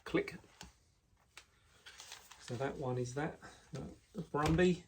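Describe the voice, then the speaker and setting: A man casually showing the knives he makes, talking in a relaxed way with frequent ums and restarts, indoors in his workshop. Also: on the high side, normal speed, heavy background noise. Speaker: knife maker. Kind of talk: casual product walkthrough.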